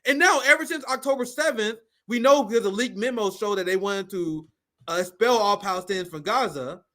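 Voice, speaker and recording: A man's voice: sits high, fairly quick, sharp tone. A man hosting a reaction commentary stream, talking bluntly with profanity and mockery. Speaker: political commentary host.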